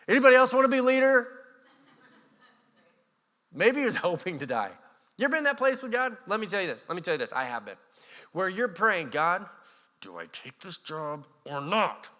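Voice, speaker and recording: A man with an American accent preaching a sermon as pastor, animated and acting out voices with a touch of sarcasm. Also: high-pitched, a little fast, long pauses. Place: church hall. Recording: church hall reverb.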